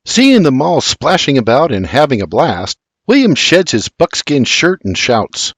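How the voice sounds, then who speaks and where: An older man narrating a historical audiobook in an expressive storytelling manner. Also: mid-range voice, unhurried, dry recording.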